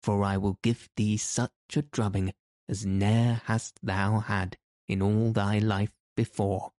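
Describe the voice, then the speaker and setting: A man reads the part of a big, blustering outlaw forester who boasts and threatens in archaic speech. The voice is low, flat and slow, with a mellow, dry close sound. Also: no echo. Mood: angry.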